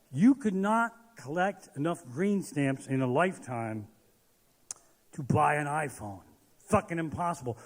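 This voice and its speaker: High-pitched man, crude ranting stand-up, constant swearing, long hall reverb. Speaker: stand-up comedian. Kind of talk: profane stand-up rant. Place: live theater stage.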